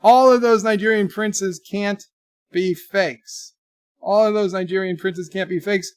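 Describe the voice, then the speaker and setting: A man's voice: high voice, steady tone, unhurried, clean tone, dry recording, studio quality. A man in his forties hosting a livestream, chatting casually and reading viewer messages aloud in a lifted voice. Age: 40s. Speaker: livestream host. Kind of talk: casual live commentary, reading viewer chats.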